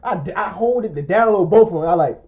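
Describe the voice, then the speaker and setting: A man's voice: high voice, animated, fast talker. A young man telling a long, rambling story in casual chat, often breaking into laughter. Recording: muffled lo-fi recording.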